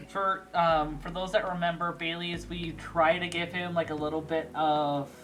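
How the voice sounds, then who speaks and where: A woman hosting a casual stream who talks in an animated way and laughs often, with faint game music behind. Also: fairly low pitch, moderate pace. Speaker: streamer host.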